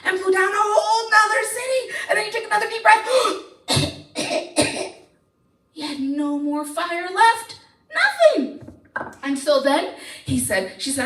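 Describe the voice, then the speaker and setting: High, lively woman telling a story live. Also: a little slow. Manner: animated, playful, engages the audience. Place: live event hall. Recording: roomy hall, distant mic.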